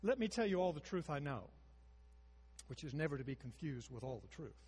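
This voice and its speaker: Husky, animated older male preacher. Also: fairly high pitch, fairly quick, long reverb tail. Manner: animated, swings between hushed storytelling and emphatic rises. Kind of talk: sermon.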